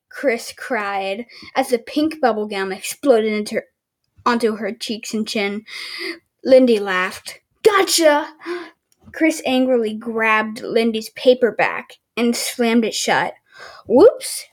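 A woman's voice: fairly high pitch, slow pace. A woman hosting a casual home podcast, reading a book aloud with stumbles and sarcastic asides. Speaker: podcast host.

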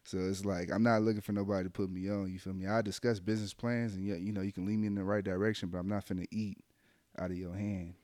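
A podcast co-host with a lowish voice talks fast, telling a story in relaxed, profane conversation. He's animated and slips into the voices of the people he quotes, and the sound is dry and close with no echo.

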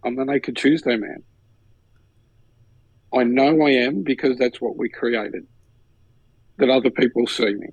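Gravelly Australian man telling a story. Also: medium pitch, a little slow, long pauses, no echo, dull audio. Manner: animated storyteller, acts out others' lines. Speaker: podcast co-host. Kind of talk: casual storytelling chat.

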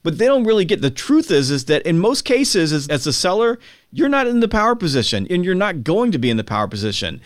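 A man as a podcast guest, explaining with emphatic energy and acting out buyers and sellers in quick quotes. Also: sits high, big pitch swings, no room sound, clean studio sound. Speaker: podcast guest, sales author. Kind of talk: conversational explaining.

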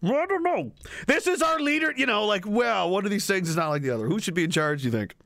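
High, lively, rambling male streamer. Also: quick pace, gravelly, no echo. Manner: rambling, giggly, swearing. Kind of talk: casual comedic rant.

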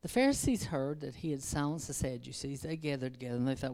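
A woman's voice: very deep voice, fast, few pauses, warm tone. A woman preaching an informal sermon in a rambling, conversational way, restarting herself and building into fervent exhortation. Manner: self-interrupting, restarts verses.

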